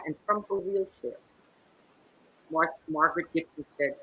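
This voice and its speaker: A woman who is a guest actress, telling stories in a theatrical, animated way during an interview on a video call. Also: deep voice, normal speed, breathy edge, low-quality recording. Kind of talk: interview conversation.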